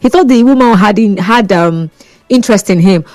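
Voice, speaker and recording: A woman's voice: medium pitch, normal speed, a little mellow, no echo. A Nigerian woman hosting a phone-in radio talk show, chatty and teasing, often laughing.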